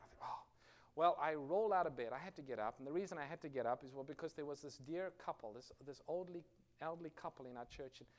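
A middle-aged man preaching a sermon, reading scripture with rising force and telling a personal story. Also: fairly high pitch. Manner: earnest storytelling preacher, rises loud on quoted scripture. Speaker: pastor.

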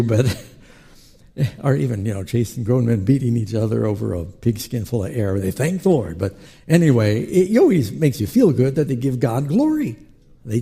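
A man preaching a sermon as pastor, telling lively stories and acting out the people he quotes. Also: medium pitch, breathy edge. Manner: animated storytelling preacher who acts out quotes.

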